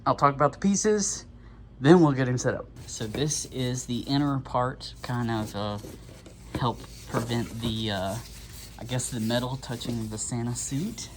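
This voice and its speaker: A man's voice: medium pitch, unhurried, a little hiss or hum. A man casually talking through an unboxing at home, a bit out of breath, rambling with lots of fillers and little chuckles. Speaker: vlogger.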